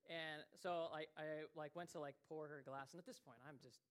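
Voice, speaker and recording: A man's voice: fairly high pitch, steady tone, fairly quick, clean tone. A man in his thirties preaching, telling a personal story in a loose, chatty way full of fillers. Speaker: pastor.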